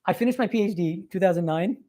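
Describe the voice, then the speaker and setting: A man's voice: high voice, fast, mellow. A man in his forties, a monk giving a spiritual lecture to a live audience and telling stories with earnest emphasis. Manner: earnest, emphatic storytelling with laughs. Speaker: visiting swami giving a talk. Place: meditation hall with a live audience.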